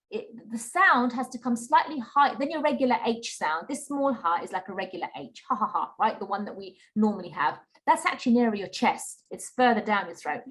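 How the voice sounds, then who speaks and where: A woman's voice: on the high side, fairly bright tone. A woman teaching an online Qur'an reading class, patient and repetitive, often checking in with "okay?". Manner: patient, repeats key points with frequent "okay?". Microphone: video call.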